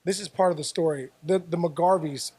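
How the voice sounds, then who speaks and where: A man's voice: fairly high pitch, moderate pace, slightly rough. A man from the Pittsburgh area, a former baseball player, telling stories as a guest in an interview, full of repeats and restarts. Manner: animated storyteller, repeats words and restarts. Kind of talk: storytelling interview.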